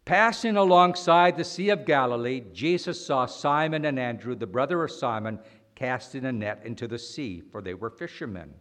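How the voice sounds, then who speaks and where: A man preaching a sermon, slow and deliberate, swinging between loud emphatic lines and quiet ones. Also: medium pitch, animated.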